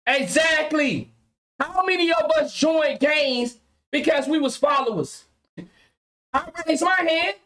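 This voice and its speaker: High-voiced woman preaching to her chat. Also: expressive, slow, fairly bright tone. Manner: emphatic, preachy, repeats phrases. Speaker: podcast host. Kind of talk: casual livestream commentary.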